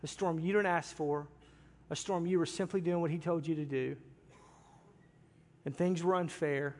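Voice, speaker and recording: A man preaching a sermon in a church, impassioned, moving from loud cries down to hushed, quiet passages. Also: fairly high pitch, steady tone, normal speed. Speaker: pastor. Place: large church sanctuary. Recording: long reverb of a big hall.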